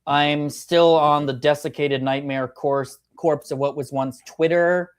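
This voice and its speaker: A man's voice: fairly high pitch, fairly even intonation, a little slow, smooth. A man from New Jersey, a guest filmmaker on a podcast, speaking casually with wry remarks. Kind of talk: casual chat.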